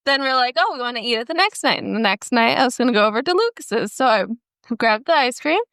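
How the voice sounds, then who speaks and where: A woman's voice: a little high, expressive, fast talker, fairly bright tone, dry recording, studio quality. A young adult woman co-hosting a podcast, chatting casually, reading posts aloud and quoting people in playful voices. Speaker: podcast co-host.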